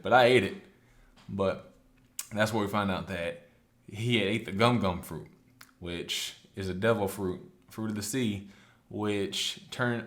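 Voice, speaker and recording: A man casually recapping a story, chatty and loose, slipping into quick quoted lines. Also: lowish voice. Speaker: anime recap host.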